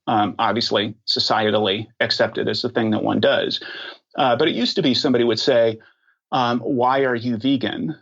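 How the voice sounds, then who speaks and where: A man speaking as a podcast guest, thoughtful and unhurried, with many ums and restarts. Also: medium pitch, a bit bright, slightly rough, muffled recording. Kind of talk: casual interview talk.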